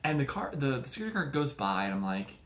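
A man's voice: mid-range voice, very animated, quick pace, fairly bright tone, reverberant. A young man hosting a podcast, riffing in a profane, tangent-hopping comic monologue and acting out little scenes. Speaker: podcast host. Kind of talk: rambling comedic monologue.

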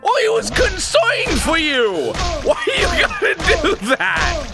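A man's voice: high-pitched, very animated, slow, loud music behind the voice. A man hosting a gaming video, giving let's play commentary with horrified exclamations and frequent laughter.

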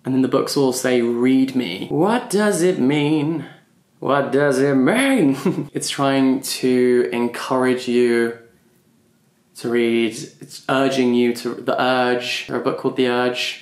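Guy talking to himself through a book puzzle, mid pitch, chuckly, kinda echoey room. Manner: musing, chuckles often, mutters guesses to himself. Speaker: book vlogger. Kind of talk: thinking aloud while solving a puzzle. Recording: roomy echo.

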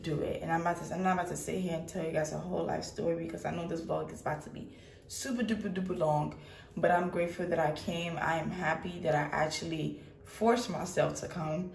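A woman's voice: lowish voice, gravelly. Chatty young woman vlogging on her phone. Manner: chatty, blunt and candid, uses slang. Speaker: travel vlogger. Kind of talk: casual vlog talk to camera. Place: hotel room.

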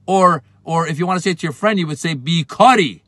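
A man's voice: fairly high pitch, fast. A middle-aged man who is a comedian, explaining words in a comic way and acting out exasperated outbursts. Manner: animated, acts out exasperated outbursts.

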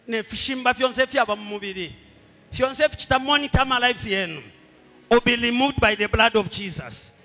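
A man with a Zambian accent, a pastor leading a fervent prayer, repeating and shouting short lines. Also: high voice. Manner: repetitive chanted exhortations, often shouted. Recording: echoey hall with music behind.

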